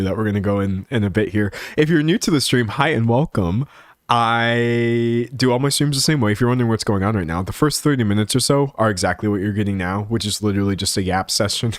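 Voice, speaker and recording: A young Southern man rants sarcastically to his live chat, with quick laughs scattered through his talk. His voice sits fairly low, and it sounds dry and close to the mic. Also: no room sound. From American South. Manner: animated, sarcastic, laughs often. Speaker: livestream commentator. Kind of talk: live stream commentary.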